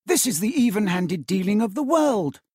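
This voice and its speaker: A man's voice: sits high, sing-song, normal speed, a little mellow, slightly rough, no echo, studio quality, pitched above the performer's own voice, full character voice. A man reading aloud and voicing a defensive, money-minded young man who answers curtly. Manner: curt and defensive. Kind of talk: dramatic reading of a classic novel.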